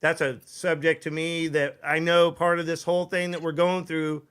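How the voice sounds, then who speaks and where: A middle-aged man hosts a live internet show in a loose, rambling way, restarting sentences and tagging lines with "right?". His voice sits a little high for a man and comes through a desk mic. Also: flat delivery, normal speed, fairly bright tone, smooth. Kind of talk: casual live-stream chat. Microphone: desk microphone.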